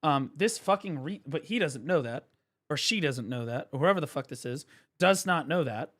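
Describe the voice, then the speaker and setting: Young guy streaming a game, bright kinda high voice, swears a ton and rants. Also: moderate pace. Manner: profane, ranting, excitable. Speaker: gaming streamer. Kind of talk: live gaming commentary.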